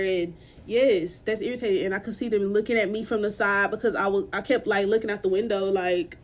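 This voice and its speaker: A young woman telling an emotional storytime vlog, upset and halting, with many fillers and restarts, recorded on a phone camera in a small room. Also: medium pitch, fairly even intonation. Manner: tearful at moments. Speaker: vlogger.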